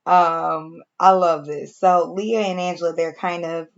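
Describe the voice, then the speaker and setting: A woman recapping a TV episode for her viewers in a casual, animated way, cursing freely and talking straight to the audience. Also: fairly low pitch, measured pace, dull audio. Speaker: TV reaction reviewer.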